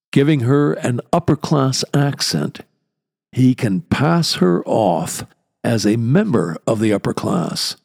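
Slow, gravelly older male lecturer. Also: on the low side, a little mellow. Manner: measured, deliberate, explanatory. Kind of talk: spoken lecture.

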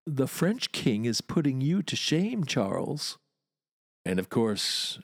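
A man's voice: fairly low pitch, creaky, no echo, studio quality. A man hosting a history podcast, narrating in a wry, chatty storyteller's manner with playful asides. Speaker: podcast host and walking tour guide.

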